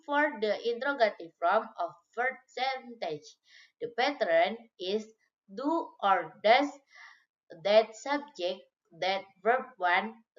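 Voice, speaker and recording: A young woman with an Indonesian accent, a student reading a grammar lesson aloud carefully and giving translations. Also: on the high side. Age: young adult. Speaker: student presenter. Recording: dull lo-fi recording.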